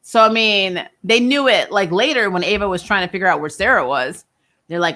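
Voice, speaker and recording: A woman's voice: medium pitch, brisk, sharp tone. A young adult woman hosting a casual live-stream chat about TV shows, talking loosely, laughing often and trailing off mid-sentence. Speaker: host of a TV review channel.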